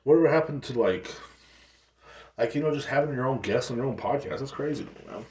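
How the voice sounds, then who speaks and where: A man's voice: mid-range voice, animated, fast, darkish tone, recorded from a distance. A man hosting a solo podcast, ranting in a profane, rambling way with frequent restarts. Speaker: podcast host. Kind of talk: casual solo podcast rant. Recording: echoey room, off-mic.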